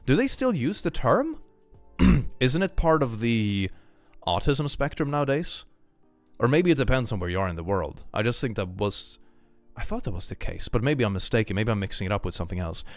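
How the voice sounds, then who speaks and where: A young man with a low voice that swings widely in pitch, chatting on a livestream. He is animated and laughs often, and he repeats his phrases as he reacts to messages. The sound is dry and close, with faint music underneath. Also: brisk, no echo. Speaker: streamer reading viewer messages. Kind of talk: casual livestream chat. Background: faint background music.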